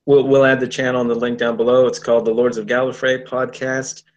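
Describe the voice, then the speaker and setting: An upbeat man hosts a casual livestream, thanking viewers and pausing with "um"s between names. His voice sits in an ordinary middle range. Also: medium pitch, flat delivery, highs cut off. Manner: upbeat, with many "um"s while listing names. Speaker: livestream host. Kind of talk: casual livestream chat, shout-outs.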